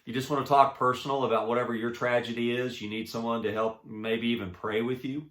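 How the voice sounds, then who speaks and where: A man giving a personal inspirational talk. He speaks earnestly and haltingly, restarting often, and swings between soft and emphatic. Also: medium pitch, level tone, echoey room. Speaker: motivational speaker.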